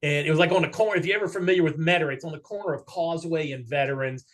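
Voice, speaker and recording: A man with a fairly high voice tells stories in a relaxed interview. He is lively and acts out each person's lines himself. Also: very fast. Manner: animated storyteller who acts out quoted dialogue. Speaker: guest, regional vice president of an auto parts chain. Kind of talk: casual interview storytelling.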